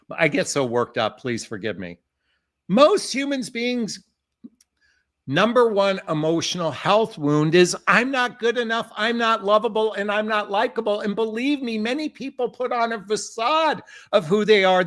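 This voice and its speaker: A middle-aged dating coach talks straight to camera, giving impassioned, emphatic advice and often addressing viewers as "folks." His voice sits high with a fairly bright tone.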